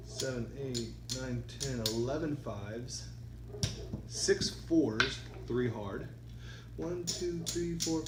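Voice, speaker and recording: A man's voice: medium pitch, echoey room, heavy background noise. A man talking casually while throwing dice at home, rambling between throws and counting results aloud. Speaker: craps vlogger. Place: indoors at a home dice-practice setup.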